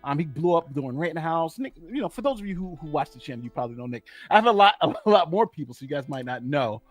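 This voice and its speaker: A man's voice: fairly high pitch, fast, dry recording, soft background music. A man hosting a casual live-stream commentary, chatty and repetitive, gloating as he talks. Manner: animated, repeats himself, gloating and chatty. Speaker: host of a legal commentary channel.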